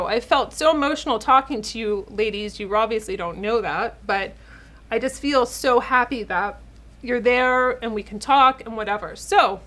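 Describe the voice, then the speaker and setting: A woman in her forties hosts a casual beauty vlog, talking straight to the camera at home. Her voice sits a little high, and she talks in a chatty, emotional way, a bit teary, calling her viewers ladies. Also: fairly bright tone. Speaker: beauty channel host, esthetician.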